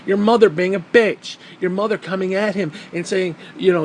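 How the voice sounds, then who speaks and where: A man's voice: sits high, fast talker, hardly any pauses, slight background noise, low-quality recording. A man giving a heated, profane commentary rant on video, blunt and repeating his points for emphasis. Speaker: vlogger.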